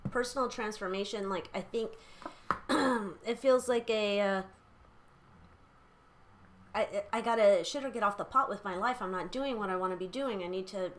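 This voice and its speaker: Young woman tarot reader, casual and blunt, fills pauses with filler words, middle pitch. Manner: chatty, blunt, swears freely, lots of fillers. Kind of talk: casual chat during a tarot reading.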